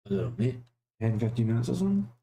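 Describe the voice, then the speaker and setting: A man's voice: on the low side, very animated, racing, warm tone. A man with a Glaswegian Scottish accent, streaming live and chatting casually with friends, laid-back and swearing freely. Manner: laid-back, swears often, says mate a lot.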